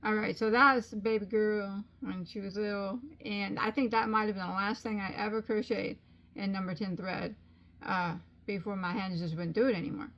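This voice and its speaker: Middle-aged woman, crochet vlogger, mid-pitched, chatty and meandering, filler-heavy storytelling. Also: fairly even intonation, moderate pace, a bit bright. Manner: rambling, chatty, frequent ums. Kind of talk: casual chat and storytelling.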